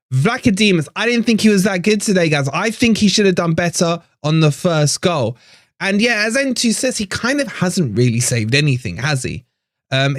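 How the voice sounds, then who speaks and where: A man's voice: a little high, a bit bright, no room sound, studio quality. A man hosting a live fan stream, ranting with frustration after a match, swearing and repeating himself. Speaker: fan channel host. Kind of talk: live post-match rant.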